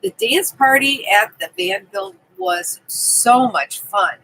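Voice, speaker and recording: A woman's voice: fairly high pitch, big pitch swings, slow, sharp tone, low-quality recording. A woman hosting a casual live stream from her camping trailer, chatting and greeting viewers by name. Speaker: livestream host.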